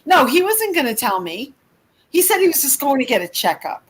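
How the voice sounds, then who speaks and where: A woman's voice: high voice, very animated, a little fast, a little hiss or hum, rough recording. A woman angrily venting in a casual chat, exasperated and swearing often. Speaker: participant in a group chat.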